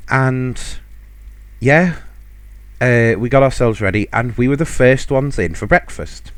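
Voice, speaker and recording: A man's voice: mid-range voice, moderate pace. A man hosting a podcast, chatting casually and laughing often as he tells a story. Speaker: podcast host.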